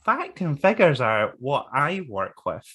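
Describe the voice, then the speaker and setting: A man's voice: mid-range voice, sing-song, unhurried, a bit bright, husky. A man co-hosting a casual podcast chat, blunt and sweary, laughing often. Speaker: podcast co-host.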